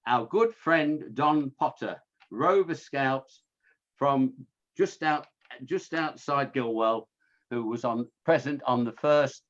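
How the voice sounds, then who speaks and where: A man at a medium pitch gives an informal slide talk on local history. He rambles and corrects himself, dropping in wry asides along the way. The recording sounds a little dull and lo-fi. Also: fairly bright tone.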